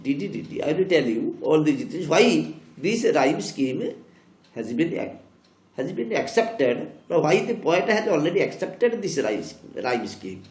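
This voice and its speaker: Slow, animated Indian English teacher, echoey. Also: male voice, a little high. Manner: repeats points emphatically, spells out patterns. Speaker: literature teacher. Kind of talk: classroom lecture on poetry. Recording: echoey room.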